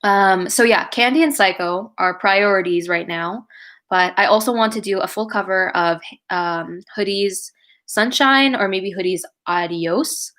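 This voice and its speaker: A woman's voice: mid-range voice, unhurried, a bit bright. Chatty young woman hosting a livestream. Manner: chatty and gushing, many "like"s and "oh my God"s. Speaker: livestream host and cover singer. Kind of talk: casual livestream chat reading comments.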